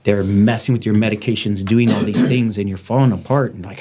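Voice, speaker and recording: A man's voice: fairly low pitch, brisk, a little mellow, slight background noise. A middle-aged man and former lawman hosting a podcast, speaking in a raw, blunt, heartfelt way. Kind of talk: candid podcast conversation.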